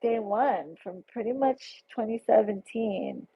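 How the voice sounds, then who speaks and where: A woman's voice: a little high, lively intonation, a little slow, creaky, slightly rough. A woman hosting a casual livestream, chatty and effusive as she reads out viewer comments. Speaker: tarot livestream host. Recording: phone-like narrow sound.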